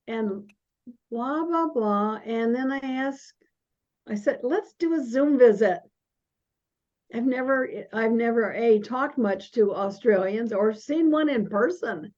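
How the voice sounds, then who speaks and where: Slow-spoken older woman, muffled audio. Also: high voice, darkish tone. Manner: halting, with frequent restarts. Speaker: guest. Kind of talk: casual conversation. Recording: dull lo-fi audio.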